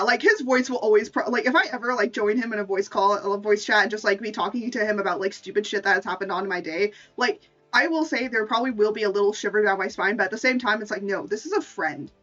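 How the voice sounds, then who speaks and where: A woman with a medium-pitched, fairly bright voice chats casually as a streamer, rambling, stammering through restarts, and laughing often. The mic is distant, giving a dull lo-fi sound with faint music in the background.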